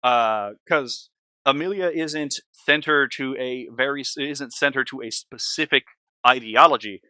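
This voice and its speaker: A man's voice: mid-range voice, measured pace, bright, forceful tone, smooth, no echo. A man hosting a reaction video, talking casually in a rambling, blunt, opinionated way with many fillers.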